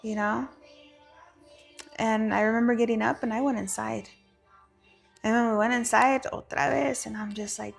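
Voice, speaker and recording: A woman with a gravelly, slightly high voice tells her own story frankly, swearing freely and slipping in Spanish phrases. She speaks as a guest over faint background music. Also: fairly even intonation, normal speed. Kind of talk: candid personal storytelling.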